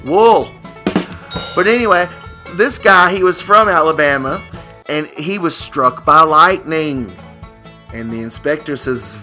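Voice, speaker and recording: A man's voice: fairly high pitch, expressive, slow pace, pauses often, sharp tone, faint music behind. A man co-hosting a radio comedy show, telling jokes in a rambling, playful, teasing way. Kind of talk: joke-telling radio banter.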